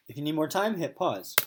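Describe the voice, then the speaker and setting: A man's voice: a little high, gravelly, noisy background. A male teacher giving a recorded lesson to middle schoolers, explaining point of view and reading story passages aloud. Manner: animated, reads story passages aloud with voices.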